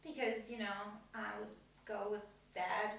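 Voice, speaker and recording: A woman's voice: medium pitch, steady tone, a little slow, vocal fry, fairly bright tone. A young adult woman from Kosovo, a native Albanian speaker, chatting casually as an actress guest and laughing often. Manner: chatty, laughs often, many "you know" fillers. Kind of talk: casual interview chat. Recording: echoey room, distant mic.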